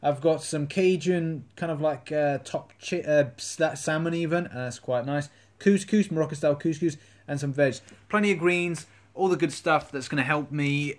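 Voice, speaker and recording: A man's voice: a little high, normal speed, hardly any pauses, dry recording. Rambling man vlogging. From England. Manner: rambling, with many fillers and restarts. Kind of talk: casual vlog talk to camera. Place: outdoors in a park. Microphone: phone camera.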